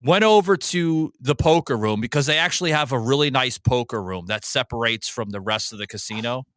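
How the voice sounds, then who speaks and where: A man hosting a casual podcast, telling a story in a profane and animated way. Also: mid-range voice, brisk. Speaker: host.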